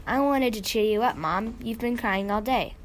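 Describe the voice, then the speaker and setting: A woman's voice: on the high side, moderate pace, close to an everyday voice. Woman doing eager little boy Jimmy.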